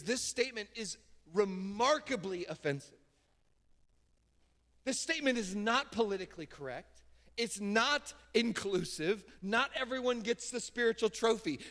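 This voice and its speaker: A man pastor preaching a sermon from a church stage, casual and emphatic, with sudden loud bursts. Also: extremely high pitch, expressive, normal speed. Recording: long hall reverb in a church.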